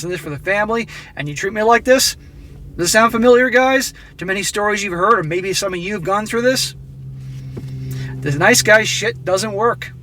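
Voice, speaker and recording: Blunt bright-voiced man commenting on a story. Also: high-pitched. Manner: blunt, opinionated, addresses viewers directly. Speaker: relationship advice commentator. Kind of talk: reading a story aloud with commentary.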